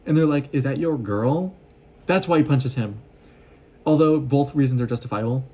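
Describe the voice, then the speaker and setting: A man casually recapping a show in an excitable, rambling way, often acting out what the characters say. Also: mid-range voice, normal speed. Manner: excitable, gushing, acts out quoted lines. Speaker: vlogger recapping an anime.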